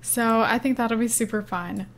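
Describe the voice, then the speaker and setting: A young woman with a fairly high voice chats through a let's-play of a simulation game. She is casual and giggly, filling her talk with "um" and "like". She comments easily on each move as she plays. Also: moderate pace, slight background noise. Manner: chatty and giggly, with frequent "um" and "like". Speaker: gaming YouTuber.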